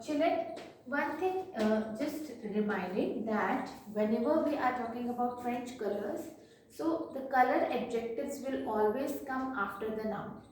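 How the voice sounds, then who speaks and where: A woman teaching a recorded lesson to children, slowly repeating each word twice. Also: on the high side, darkish tone, a little hiss or hum. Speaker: French teacher. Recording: very echoey room, far from mic.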